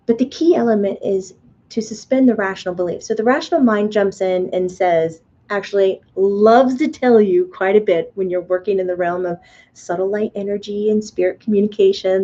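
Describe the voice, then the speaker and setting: Woman host, live web class, chatty and animated, mellow tone, dull lo-fi sound. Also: medium pitch, normal speed. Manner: animated, chatty, playfully acts out the mind's voice. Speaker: spiritual teacher and medium. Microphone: webcam or computer mic on a video stream.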